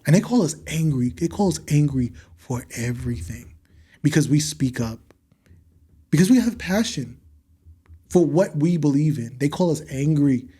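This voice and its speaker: A young man with a fairly high-pitched voice delivers an impassioned podcast monologue. He talks bluntly and heatedly, swearing freely and hammering his points home through repetition. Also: expressive, normal speed, warm tone, slightly rough. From United States. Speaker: podcast host.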